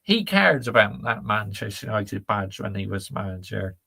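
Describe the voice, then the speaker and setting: A man's voice: on the low side, very animated, moderate pace, gravelly, pushed and bright, slight background noise. A man hosting a casual live stream, reading out chat and ranting bluntly in laddish slang. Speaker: football channel host reading live chat.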